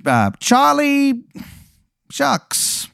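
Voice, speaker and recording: A man putting on a high tough-talking cactus detective. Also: wildly swooping pitch, extremely slow, gravelly, a bit bright, no room sound, studio quality, exaggerated voice. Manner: clipped old-time tough-guy patter. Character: male cactus private eye, 1920s gangster talk.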